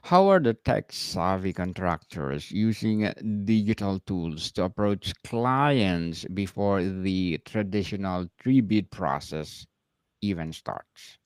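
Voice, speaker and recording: Very deep, slow formal podcast host. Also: male voice, expressive, darkish tone, smooth, no room sound. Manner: formal, addresses guest as Mister. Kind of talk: reading interview questions.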